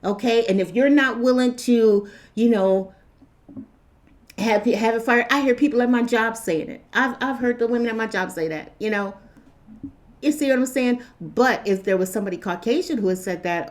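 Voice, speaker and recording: A woman giving a casual opinion monologue, animated, repeating herself and acting out quotes. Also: mid-range voice, moderate pace. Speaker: vlogger.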